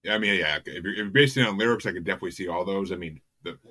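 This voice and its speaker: Male podcast host, deep and punchy, dry close sound, eager, rambling, stammering. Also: racing, sharp tone, dry recording. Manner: rambling and enthusiastic, stumbles over repeated words. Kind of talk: casual podcast chat.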